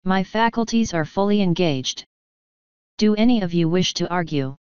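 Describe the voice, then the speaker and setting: A woman's voice: on the low side, moderate pace, clean tone, dry recording, lo-fi sound, natural voice. A woman doing a seething pompous wizard. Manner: snarling, clipped and forced calm.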